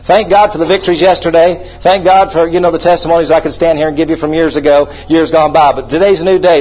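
A man's voice: fairly high pitch, steady tone, fast, hardly any pauses. A man preaching a sermon emphatically and having the congregation repeat phrases. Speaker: pastor. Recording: dull lo-fi recording.

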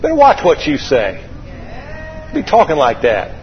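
A man preaching a sermon to a congregation, lively and joking, calling out for amens. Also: on the high side, unhurried, a little hiss or hum. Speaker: pastor. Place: church hall. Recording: echoey, slightly dull church hall recording.

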